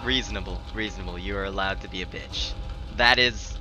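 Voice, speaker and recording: A male gamer gives rambling, profane, joking let's play commentary while playing a video game, with game audio in the background. His voice sits low and is brisk and sharp-toned, with soft background music.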